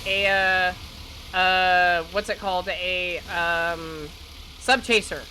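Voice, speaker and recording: A woman's voice: on the low side, takes it slowly, low-quality recording. A woman streamer giving casual gameplay commentary, rambling and correcting herself as she goes. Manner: rambling, self-correcting, laughs often. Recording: steady background noise.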